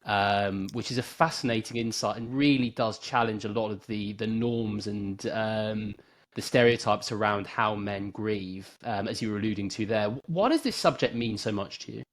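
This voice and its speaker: A man hosting a podcast who asks questions in a measured, hesitant way. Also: fairly low pitch. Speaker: podcast host. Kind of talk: interview questions.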